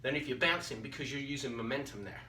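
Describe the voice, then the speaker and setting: A man's voice: medium pitch, fast talker, bright, forceful tone. Breathless male teacher in an echoey room. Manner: counts reps aloud while exercising, encouraging. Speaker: phys ed teacher. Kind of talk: demonstrating exercises for students. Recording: roomy echo, distant mic, faint background noise.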